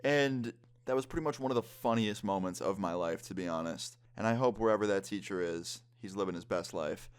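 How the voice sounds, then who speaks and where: A man's voice: lowish voice, fairly quick, hardly any pauses, clear, resonant tone. A man in his twenties telling a story-time vlog in a casual way, swearing often. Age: 20s. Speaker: vlogger.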